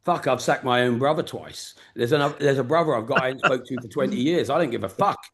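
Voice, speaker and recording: A man's voice: medium pitch, quick pace. Blunt sweary man with a Luton accent. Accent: English, Luton and Peterborough. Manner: blunt, sweary, straight-talking. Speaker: business mentor. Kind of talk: casual mentoring session. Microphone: video call.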